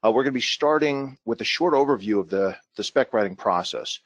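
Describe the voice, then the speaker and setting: A man presenting a webinar as a product manager, speaking haltingly with many fillers. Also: medium pitch, no echo.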